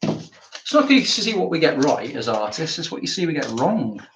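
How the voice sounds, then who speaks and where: A man's voice: fairly high pitch, very animated, normal speed. Man, artist talking as he works, dry humour; echoey studio room. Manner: chatty, wry, jokey asides. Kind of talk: casual talk while working. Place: art studio. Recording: roomy studio, faint noise.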